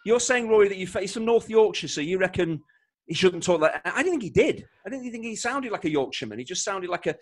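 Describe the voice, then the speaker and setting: A man's voice: high voice, expressive, fast talker. A man, a football co-commentator, telling stories in casual podcast chat with playful mock-pompous humour.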